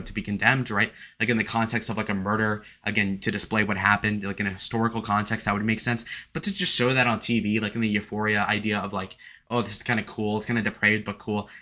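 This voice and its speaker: A man's voice: lowish voice, pushed and bright. A young man giving an indignant, rambling solo review, full of restarts and fillers. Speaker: video reviewer. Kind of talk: opinionated solo commentary.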